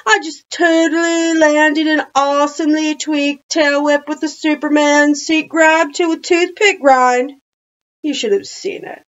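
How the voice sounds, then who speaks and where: A woman voicing a loopy female librarian who poses as a slangy, loud surfer-dude trick biker, read aloud from a storybook. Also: high-pitched, steady tone, a little slow, highs cut off, voice pushed up. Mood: boasting.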